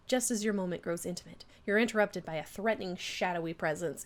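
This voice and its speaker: A woman's voice: lowish voice, quick pace, hardly any pauses. A woman with a Southern accent, streaming a game and reading it aloud, giggly and amused.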